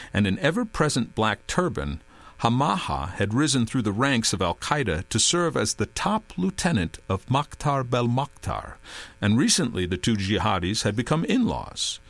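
A man giving a measured, expressive scripted reading as an audiobook narrator. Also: medium pitch, gravelly, dry recording.

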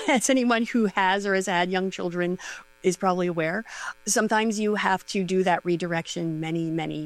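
A woman's voice: lowish voice, poor audio. A middle-aged woman, a sexuality educator, chatting casually and giving advice with lots of fillers and light laughs.

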